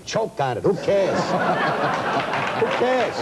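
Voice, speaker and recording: Ranting comedian with a high, lively voice. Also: male voice, crowd noise, noisy background. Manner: indignant, ranting, rapid-fire complaints. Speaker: comedian guest. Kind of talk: heated talk show interview. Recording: old broadcast audio.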